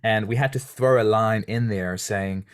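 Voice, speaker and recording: A man's voice: fairly low pitch, normal speed, clear, resonant tone. A man from South Africa hosting a podcast, asking questions in friendly, chatty interview talk. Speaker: podcast host. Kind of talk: casual interview chat.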